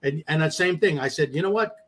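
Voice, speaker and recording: Fast-rambling man with a slightly high voice. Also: fairly bright tone. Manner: quick, rambling, with salty slang. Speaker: comedian. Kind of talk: casual anecdote telling.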